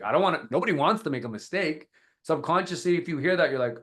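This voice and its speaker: A man's voice: a little high, animated, brisk. A man coaching on a live webinar over a video call, talking energetically and acting out example lines with strong emphasis. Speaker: guest speaker on content creation.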